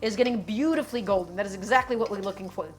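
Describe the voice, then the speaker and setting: A woman's voice: medium pitch, racing, music in the background. A woman hosting a cooking stream, chatting casually and playfully to her viewers as she cooks. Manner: chatty and playful, often says "my friends".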